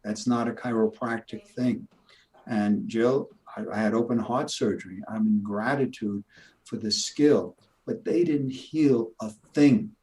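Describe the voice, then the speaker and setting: A man's voice: on the low side, steady tone, a little slow, darkish tone, poor audio. An older man, a retired chiropractor, talking in an emphatic, preachy way in a casual interview. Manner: emphatic, preachy, laughs at his own points.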